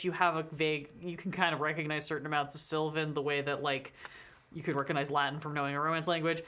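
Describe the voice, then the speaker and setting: A woman's voice: sits low, a bit bright. A woman narrating as game master of a tabletop game, chatty, with many fillers.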